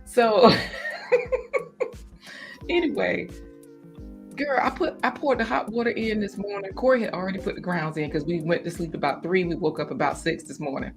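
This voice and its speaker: A woman hosting a garden livestream in casual chat, animated and chatty, breaking into laughter often. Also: medium pitch, normal speed, long pauses, over music.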